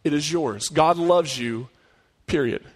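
A man's voice: fairly high pitch, slow. Earnest preaching man in a reverberant hall. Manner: earnest, conversational preaching with rhetorical questions. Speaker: pastor. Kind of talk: sermon.

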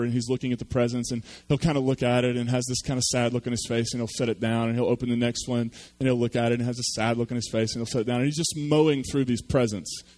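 A man's voice: medium pitch, darkish tone. A man preaching a sermon, telling a story with self-deprecating humor. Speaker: pastor.

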